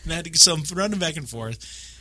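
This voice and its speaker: A man co-hosting a casual podcast chat about a video game, rambling through animated stories full of acted-out quotes. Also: fairly high pitch, quick pace, dry recording. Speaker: podcast co-host.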